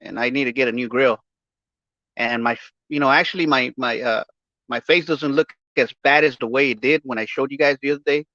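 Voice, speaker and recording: A man's voice: medium pitch, fairly even intonation, fairly quick, bright, forceful tone, no room sound. A man hosting a podcast, lisping and mumbling through a broken jaw and missing front teeth, rambling with stammered restarts and heated profanity. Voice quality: lisping, mumbled speech through a barely opened mouth. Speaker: podcast host giving a health update. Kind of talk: casual rambling monologue. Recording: dull, dry, lo-fi recording.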